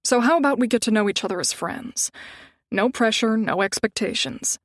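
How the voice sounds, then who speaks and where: A suave, confident man, voiced by a woman speaks in an easygoing, teasing way. The voice stays fairly high. The recording is close and dry. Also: normal speed, dry recording, lightly acted. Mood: playful.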